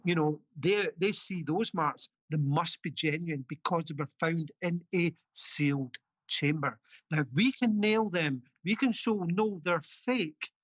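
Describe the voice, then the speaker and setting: A man's voice: a little high, unhurried, a bit bright, no echo, highs cut off. A Scottish man being interviewed as an author and researcher, talking earnestly and insistently, with plenty of ums. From Scotland. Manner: earnest, insistent, many fillers. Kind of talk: casual interview talk.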